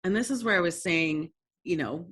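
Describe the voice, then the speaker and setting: A woman's voice: on the low side, normal speed, a bit bright, slightly rough. A woman presenting a workshop lesson, telling stories in a conversational, self-deprecating way and laughing often.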